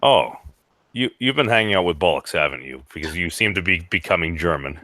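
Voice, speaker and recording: A man's voice: low-pitched, animated, brisk, bright, forceful tone. Stammering, rambling man. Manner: stammering restarts, rambling, easily amused. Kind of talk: casual banter.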